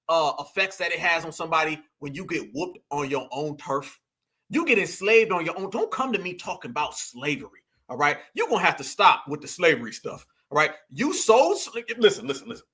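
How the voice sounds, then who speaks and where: Man, middle-aged, heated preachy rant, forceful bright tone. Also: high voice, husky. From United States. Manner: emphatic, preachy, addresses listeners as fam. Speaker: online commentator.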